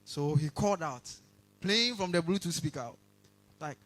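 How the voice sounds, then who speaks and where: A man with a Ghanaian English accent doing a stand-up comedy set, telling a story with animated, shouted punchlines. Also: fairly high pitch, moderate pace, no room sound. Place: comedy awards stage before a live audience.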